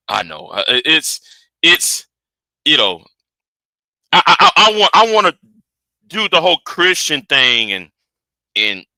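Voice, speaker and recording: A man hosting a livestream, reacting to a clip with animated, argumentative commentary aimed straight at his audience. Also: fairly high pitch, no echo. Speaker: livestream host.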